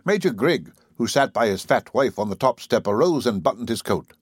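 A male audiobook narrator reads in a measured, wry way at a middling pitch. The recording is close and dry, with no room sound. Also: lively intonation, slightly rough, dry recording. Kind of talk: scripted narration.

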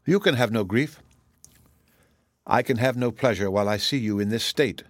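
A man voicing a grief-stricken young woman in an audiobook, pleading and anguished, a little higher than his own voice. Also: moderate pace, no room sound, studio quality, natural voice. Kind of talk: audiobook character voice.

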